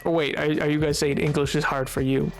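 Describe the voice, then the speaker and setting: A young adult man chats with his viewers while playing, rambling and joking with plenty of fillers. His voice sits high for a man, and faint music runs underneath. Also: little pitch movement, gravelly. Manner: rambling, playful, quick to laugh, filler-heavy. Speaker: game streamer. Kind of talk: casual live-stream chat.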